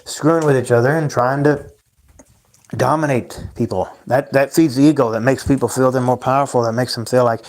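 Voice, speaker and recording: A man's voice: mid-range voice, steady tone, a little fast, a little mellow. A man hosting his own livestream, rambling and ranting at his chat, repeating himself and calling the viewers guys. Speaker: livestream host.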